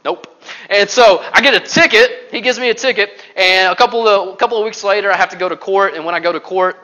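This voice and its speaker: Preacher man, bright forceful voice, animated storytelling, dull lo-fi recording. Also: high voice, quick pace. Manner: animated storytelling, swings from loud to hushed. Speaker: pastor. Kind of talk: sermon.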